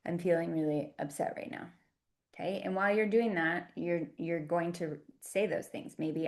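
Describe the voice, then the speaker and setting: Low-voiced woman teaching calmly. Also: moderate pace. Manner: gentle, conversational, many "you know" and "right?" asides. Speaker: communication teacher. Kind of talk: calm instructional talk to camera.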